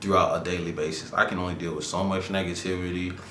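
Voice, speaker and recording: A man hosting his own podcast, ranting casually in slangy, laid-back talk with animated asides. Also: deep voice, quick pace, echoey room, slight background noise. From Florida, USA. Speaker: podcast host. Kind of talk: casual solo commentary.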